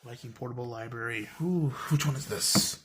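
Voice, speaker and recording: In a bookshelf-filled room at home, a young vlogger chats casually while showing his books. His mid-range voice moves at a moderate pace, rambling with plenty of fillers and wry remarks over background noise.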